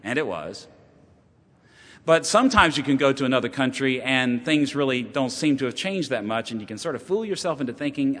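A man preaching a sermon in a church, his mid-pitched voice ringing through a long, echoing hall. He tells stories, drops to a hushed tone at times and then builds back up with emphasis. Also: expressive, brisk. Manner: storytelling, shifting from hushed to rising emphasis. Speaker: pastor.

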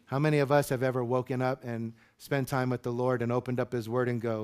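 A man preaching a sermon as a pastor, chatting loosely and then rising to high, emphatic peaks. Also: little pitch movement, fairly quick, a little mellow, smooth.

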